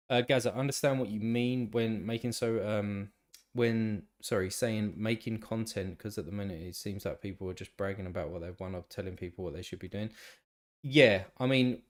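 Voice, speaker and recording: A man hosting a casual live stream, with a congested, nasal voice, rambling along and talking to his viewers by name. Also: on the low side. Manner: rambling, talks to chat viewers by name, many restarts. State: congested, still a bit tired.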